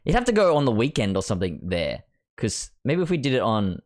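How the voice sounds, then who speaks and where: A young man hosts a relaxed chat over a video call from home. His voice swings widely in pitch as he talks, animated and giggly, full of quick asides and laughter. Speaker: host.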